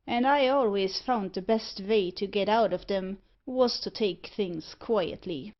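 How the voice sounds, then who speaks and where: A woman's voice: mid-range voice, unhurried, close to an everyday voice. A woman voicing a cheerful, greedy male dog thief who speaks in breezy dialect in a storybook reading. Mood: jovial. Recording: muffled lo-fi audiobook recording.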